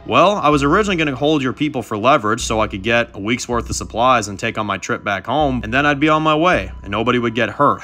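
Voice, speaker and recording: A man's voice: medium pitch, bright, forceful tone. Man doing Audrin, a taunting mercenary. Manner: drawling, mocking, calls people darling. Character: swaggering male mercenary with a chainsaw.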